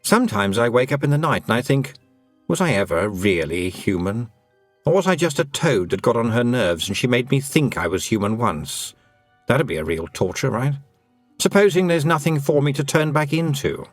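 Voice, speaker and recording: A man's voice: mid-range voice, lively intonation, normal speed, dry recording, soft background music, natural voice. A man voicing a male talking toad that frets aloud in rambling, musing questions.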